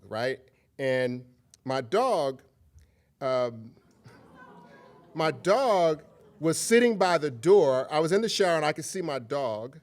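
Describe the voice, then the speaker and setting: Candid middle-aged man giving a lecture. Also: fairly high pitch. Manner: candid and conversational, checks in with the audience; humorous, preacher-like cadence at times. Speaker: guest lecturer. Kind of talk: public lecture with personal storytelling.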